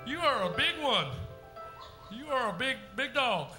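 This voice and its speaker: A man's voice: very high-pitched, sing-song, unhurried, sharp tone, faint music behind. A man doing live character comedy on a club stage, rambling and blustery like a brash dad working the crowd. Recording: echoey live club room.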